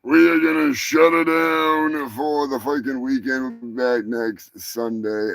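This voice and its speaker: A man hosting a live stream, rambling crudely through his sign-off and laughing as he talks, high. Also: steady tone, unhurried, creaky, few pauses, a bit bright. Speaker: host.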